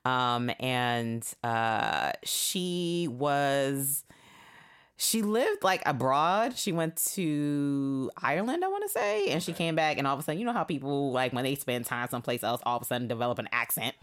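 A woman's voice: very deep voice, lively intonation, normal speed, clear, resonant tone. A woman in her thirties, a podcast guest, telling stories from her past in a candid, slangy and profane way, with lots of fillers. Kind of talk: casual chat, storytelling.

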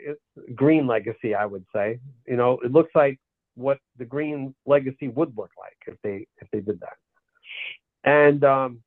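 A man's voice: medium pitch, dry recording. A man in casual conversation, telling a long rambling anecdote full of quoted dialogue and restarts. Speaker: podcast guest. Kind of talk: casual storytelling. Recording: tinny phone-like line, dry.

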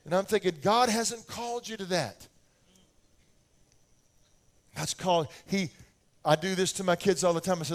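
Delivering a sermon at an ordinary speed with long pauses, this older American man has a high-pitched voice. His storytelling is lively, and he performs small scenes by imitating his children's voices.

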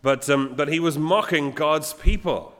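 A man giving a sermon in a plain conversational way, often pausing with fillers. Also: fairly high pitch, a bit bright, long reverb tail. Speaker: preacher.

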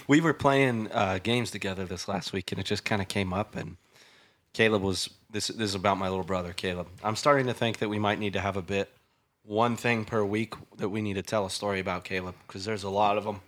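A man's voice: lowish voice, steady tone, brisk, fairly bright tone. A young man hosting a casual chat show, telling a story in a laid-back way, often saying "dude" and "bro" and laughing. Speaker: podcast host.

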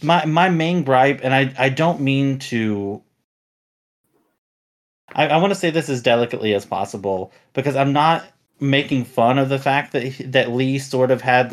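A man's voice: mid-range voice, normal speed. A man hosting a podcast, chatting casually and rambling with many fillers and restarts. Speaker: podcast host.

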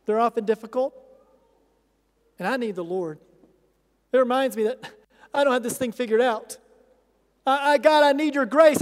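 A man's voice: extremely high pitch, darkish tone. A middle-aged man preaching a sermon as a pastor, earnest and pleading. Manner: earnest, pleading with rising intensity. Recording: long reverb of a large hall.

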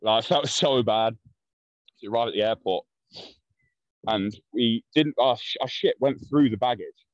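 A man's voice: mid-range voice, normal speed, pauses often, dry recording. Sweary man telling stories. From London. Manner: blunt, sweary, rambling with fillers. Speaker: podcast guest. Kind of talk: casual storytelling. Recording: dull, dry lo-fi podcast audio.

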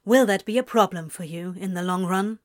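A woman voicing a guarded young man who talks bluntly and sarcastically, a bit louder than her narration. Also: mid-range voice, a little fast, no echo, clean studio sound, close to an everyday voice. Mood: bitter.

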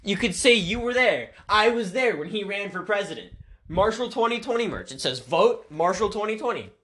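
A man's voice: high-pitched, lively intonation, moderate pace, fairly bright tone. A man hosting a casual podcast, rambling and joking around with plenty of goofy asides. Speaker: podcast host.

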